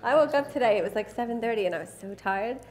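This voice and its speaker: A woman's voice: fairly high pitch, lively intonation, fast talker, a little mellow. A woman presenting a live workshop, teasing and directing volunteers in front of an audience. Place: event room with an audience.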